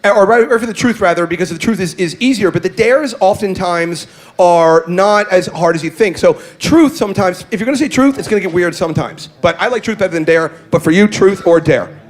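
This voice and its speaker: A male guest comedian on a live comedy podcast, loud and brash, running a game for the crowd. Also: sits high, a little fast.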